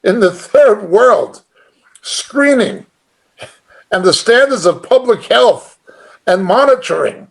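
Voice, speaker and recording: A middle-aged male Bible teacher delivers a conversational sermon with firm emphasis and a light chuckle here and there. His voice sits fairly high, and he talks at a slow, deliberate pace. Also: gravelly.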